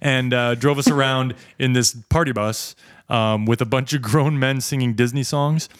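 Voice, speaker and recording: Male podcast co-host, mid-pitched, rambling anecdotes, dry close room. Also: steady tone, moderate pace, no room sound. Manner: rambling storyteller, self-correcting. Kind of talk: casual chat.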